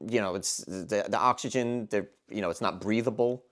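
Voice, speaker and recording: A man's voice: on the low side, moderate pace, fairly bright tone. A man giving a casual film review monologue, enthusiastic and rambling, with frequent restarts and fillers. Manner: enthusiastic, gushing.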